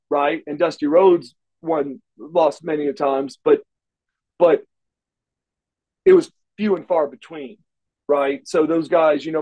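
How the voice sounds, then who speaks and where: Middle-aged man, raised in Oklahoma, slightly high voice, rambling storyteller, curses freely. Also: a little mellow, muffled recording. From Oklahoma, USA. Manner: rambling, restarts often, salty language. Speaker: interview guest, former wrestler. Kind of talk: shoot interview storytelling.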